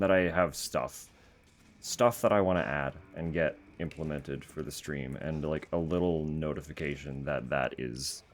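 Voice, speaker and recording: A man streaming a video game, chatting casually in a rambling, giggly way and often apologizing. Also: very deep voice.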